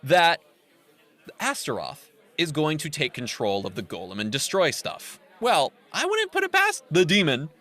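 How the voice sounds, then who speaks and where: Animated man recapping a film. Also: fairly high pitch, measured pace. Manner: animated recapping with acted-out quotes. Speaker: podcast co-host. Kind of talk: casual podcast storytelling.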